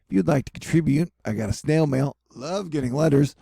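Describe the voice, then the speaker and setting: A man runs through a weather update in a casual, rambling way, dropping wry self-mocking jokes. His voice is dark and mellow, with a gravelly, husky edge. The sound is dry and close. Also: fairly high pitch, animated, brisk, no echo. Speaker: weather news host. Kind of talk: casual weather commentary over maps.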